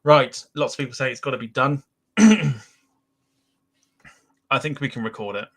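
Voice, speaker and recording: A man's voice: medium pitch, moderate pace. Giggly British man hosting a live podcast. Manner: laughs a lot, giggly and animated. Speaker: podcast host. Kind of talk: casual live-stream chat.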